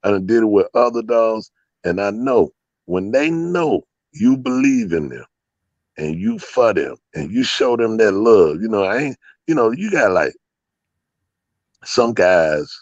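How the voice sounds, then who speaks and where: A low-voiced man spins loose, profane stories, full of fillers and chuckles. The sound is dull and muffled in a dry, close space. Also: very animated, unhurried, darkish tone, no echo. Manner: rambling, profane, laughing storyteller with many fillers. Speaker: interview guest, dog breeder. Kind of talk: casual storytelling interview.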